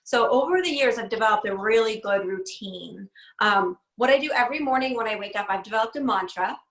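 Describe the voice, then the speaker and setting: A woman's voice: medium pitch, animated, fairly quick. A woman in her forties, a guest on a video call interview, talking in an upbeat, chatty way and laughing often. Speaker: guest, speech pathologist. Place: home room. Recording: roomy home video call audio.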